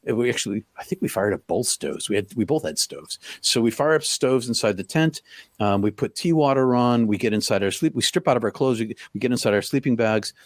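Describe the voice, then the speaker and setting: Middle-aged guy telling his story, keeps restarting, dry close sound, average pitch. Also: expressive, dry recording. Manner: halting, full of restarts, acts out quoted lines loudly. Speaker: podcast guest. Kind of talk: personal story in an interview.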